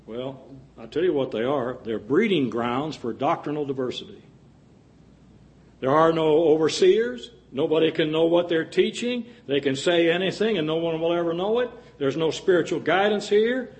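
Male preacher, earnest sermon delivery with homespun humor, voice a touch high. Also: lively intonation, normal speed, a little mellow. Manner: earnest with folksy jokes and asides.

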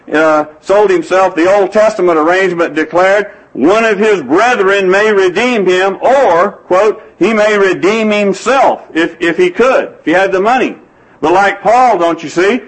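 A man's voice: sits high, unhurried, poor audio. A man preaching a sermon, telling folksy stories and quoting scripture. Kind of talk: sermon with anecdotes.

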